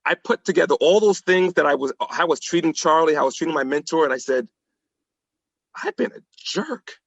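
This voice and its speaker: A man as a podcast guest, telling anecdotes in an animated way and acting out the quotes. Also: on the high side, fast, gravelly, no echo, lo-fi sound. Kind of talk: storytelling in a podcast conversation.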